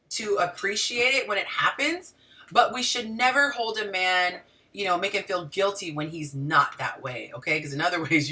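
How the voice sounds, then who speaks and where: Woman host, relationship coach; lowish, bright, animated delivery, mic set back a bit. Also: far from the mic. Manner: animated, talks to the audience directly with frequent asides. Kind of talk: casual livestream talk to viewers.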